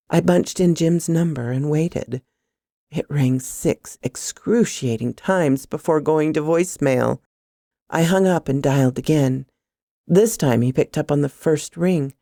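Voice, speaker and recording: A woman with a low, mellow voice reads a first-person horror story. Her pitch swings widely as she builds suspense, and the sound is close and dry. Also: dry recording.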